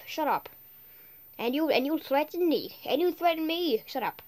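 A woman's voice: high-pitched, lively intonation, moderate pace, a little mellow. A woman voicing squabbling contestants in an amateur cartoon, with a petulant, bickering delivery.

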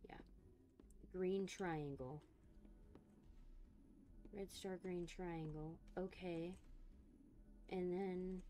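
A woman's voice: on the low side, fairly even intonation, slow pace, long pauses, dark tone. Jumpy young woman streamer cursing. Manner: jittery, swearing, talking to herself while scared. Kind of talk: let's play commentary.

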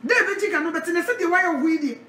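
High-voiced woman preaching. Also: rapid-fire, far from the mic, slight background noise. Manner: animated preaching with a repeated call-out refrain. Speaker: evangelist. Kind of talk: sermon. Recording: echoey, from off the mic.

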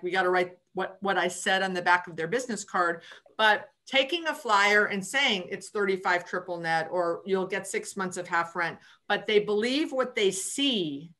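A woman's voice: mid-range voice, sharp tone. A woman hosting a book club call, chatting casually and retelling sales conversations with frequent restarts. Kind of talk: casual group call discussion.

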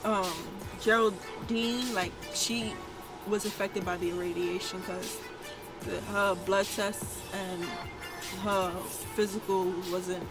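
A woman's voice: medium pitch, steady tone, takes it slowly, over music, poor audio. A woman co-hosting a reaction video, recapping an episode in casual, slangy chat.

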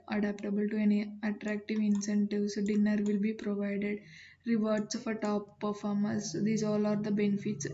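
A woman, hosting a channel and reading out job listings in a plain, businesslike way with frequent pauses. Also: medium pitch, mellow, dull audio.

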